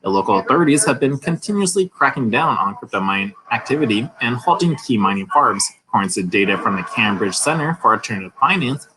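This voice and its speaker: Speaking fast with lively intonation and hardly any pauses, a medium-pitched man reads crypto news articles aloud on his channel, stopping now and then for chatty asides and laughter. Background noise is audible.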